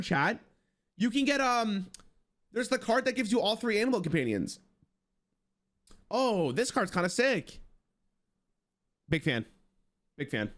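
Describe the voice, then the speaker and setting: A fairly high-voiced man streaming a casual card review to his live chat. His pitch swings widely as he gets excited, he swears freely, and he thinks out loud about each card.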